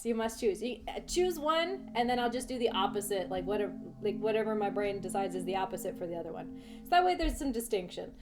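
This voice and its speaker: A woman livestreaming a game, chatting playfully with her viewers and laughing often. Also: mid-range voice. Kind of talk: casual let's-play chat.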